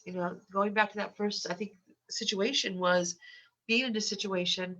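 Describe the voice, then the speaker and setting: A woman's voice: mid-range voice, pushed and bright. An older woman with a cold and a stuffy nose, a guest on a podcast interview, speaking with frequent stuttered repetitions and restarts. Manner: stutters with repeated sounds and restarts. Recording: muffled lo-fi audio.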